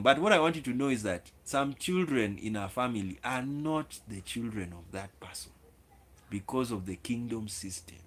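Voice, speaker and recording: A man hosting his own video, lecturing viewers directly in an opinionated monologue, with repeated words and restarts. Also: medium pitch. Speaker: video host.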